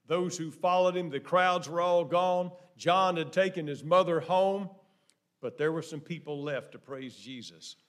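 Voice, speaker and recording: A man preaching a sermon, dropping to hushed tones and rising to loud, emphatic exclamations with lots of repetition. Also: fairly high pitch.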